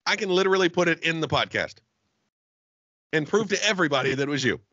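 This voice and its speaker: A man's voice: on the high side, animated, fast, sharp tone, no room sound, muffled recording. A man co-hosting a comedy podcast over a call, ranting in crude, mock-angry banter. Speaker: podcast co-host. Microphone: remote call mic.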